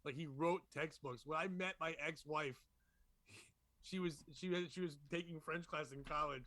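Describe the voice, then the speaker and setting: A man's voice: a little high, normal speed, bright, forceful tone. A man telling rambling comic stories in a casual chat, laughing often. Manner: rambling storyteller, frequent laughter. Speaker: podcast host.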